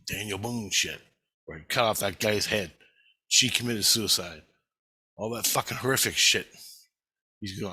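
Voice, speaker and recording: A man's voice: fairly low pitch, a little slow, long pauses, pushed and bright, slightly rough, rough recording. A man rambling agitatedly through a profane monologue, swearing constantly as he recounts his visions. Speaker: vlogger recounting spiritual visions.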